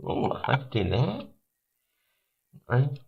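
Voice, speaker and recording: Man, game streamer, playful and giggly, slow unhurried talk, lively pitch. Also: gravelly, narrow, tinny audio. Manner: goofy, joking, giggles a lot. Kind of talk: casual live-stream chat.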